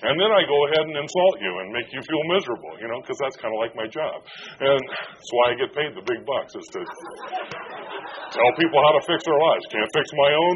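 Joking self-deprecating male pastor. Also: mid-range voice. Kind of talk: conversational sermon. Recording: dull lo-fi with faint noise.

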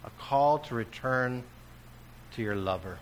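A male pastor preaching a sermon, dropping to hushed, slow lines and then rising to loud, emphatic declarations. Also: mid-range voice, a little hiss or hum. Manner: swings between hushed, slow passages and loud, emphatic bursts.

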